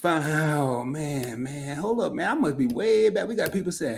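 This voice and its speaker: A man co-hosting a casual live talk show, excitable, with frequent laughter and exclamations. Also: fairly high pitch, moderate pace, gravelly, few pauses. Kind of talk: casual livestream chat.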